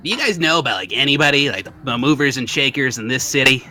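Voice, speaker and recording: A man voicing a gruff male inventor and shady fixer who wheezes and coughs while he wheels and deals. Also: mid-range voice, fast talker, bright, forceful tone, faint music behind. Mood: scheming.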